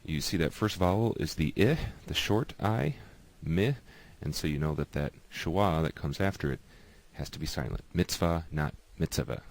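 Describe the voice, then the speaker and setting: A man giving a patient, explanatory lesson, slowly repeating each example word. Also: extremely low pitch, lively intonation. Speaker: teacher.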